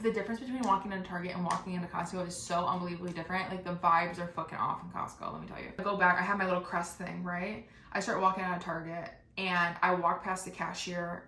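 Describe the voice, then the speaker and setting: A young woman hosting a podcast, telling a comic story in a rapid, animated, casual way, swearing often and acting out what others said. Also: fairly low pitch, reverberant, a little hiss or hum. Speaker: podcast host.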